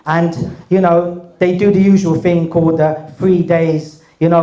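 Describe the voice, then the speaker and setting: A man's voice: flat delivery, unhurried, few pauses, warm tone, echoey room. A man, speaking with a cold, telling a rambling story to an audience and acting out the voices of others. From England. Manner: chatty, rambling, acts out dialogue with raised pitch. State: has a cold. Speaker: guest speaker. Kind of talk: casual storytelling talk to an audience.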